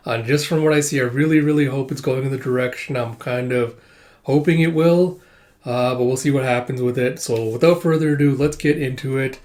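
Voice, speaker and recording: A man's voice: mid-range voice, darkish tone. A young man hosting a manga read-through, narrating panels casually with lots of "like" and "uh". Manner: rambling, many fillers and likes.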